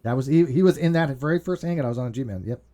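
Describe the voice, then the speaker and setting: A man's voice: mid-range voice, fast. A man hosting a casual group video call, rambling, swearing freely and telling stories with lots of restarts. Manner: rambling, profane, animated storyteller. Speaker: host.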